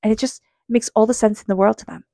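A woman giving a psychic tarot reading, earnest and speaking straight to the listener, calm with slow passages. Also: fairly high pitch, vocal fry, dry recording, studio quality. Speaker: tarot reader.

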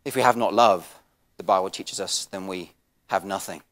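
An English man preaching a sermon as pastor, swinging from soft and low to loud and passionate, often repeating and restarting words. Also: moderate pace, big-room sound. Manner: restarts and repeats words, self-deprecating asides.

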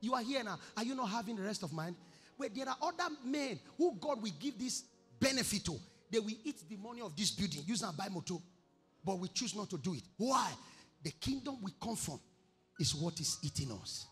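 A man with a Nigerian accent preaching a sermon. He moves between animated shouting, acted quotes and bursts of song. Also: high voice, fairly quick, slightly rough. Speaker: pastor. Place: church. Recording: reverberant church hall with music behind.

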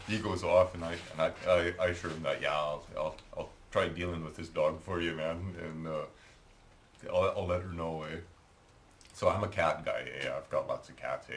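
A middle-aged Canadian man with a Canadian accent rambles through a chatty story while painting at home, ending lines with "eh." He's a hobby painter and video maker whose low voice has a fairly bright tone, with a little hiss or hum in the recording.

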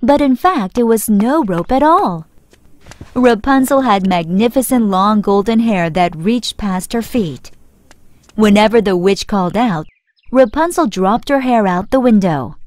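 Female storyteller for a children's fairy tale, clear and expressive, measured pace. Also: medium pitch, no room sound. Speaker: narrator. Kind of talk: scripted storybook narration for children.

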